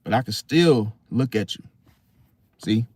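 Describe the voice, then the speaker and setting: A man's voice: on the low side, animated, unhurried, darkish tone, husky, no room sound. Casual man with a dry, close sound. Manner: conversational, repeats "see?", acts out quoted voices. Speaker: astrology video host. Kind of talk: casual monologue to camera.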